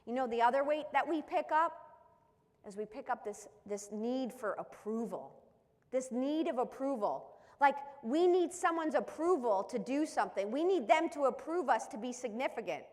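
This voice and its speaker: High-voiced motivational woman coach. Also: expressive, normal speed, darkish tone, big-room sound. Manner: emphatic, preaching, with rhetorical questions. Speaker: mental skills coach. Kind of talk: motivational live-stream talk.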